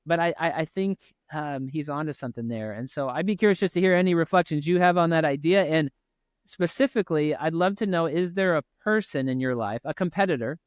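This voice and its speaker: A man hosting a podcast interview, speaking in a thoughtful, measured way with some fillers. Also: a little high, dry recording, clean studio sound. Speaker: podcast host. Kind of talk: interview, reading an excerpt aloud.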